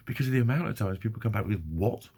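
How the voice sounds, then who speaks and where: A man talks straight to camera in a rambling, sweary, self-deprecating vlog. His voice is low and gravelly, with a husky, rough grain. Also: very fast, darkish tone. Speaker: vlogger. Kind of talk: casual monologue.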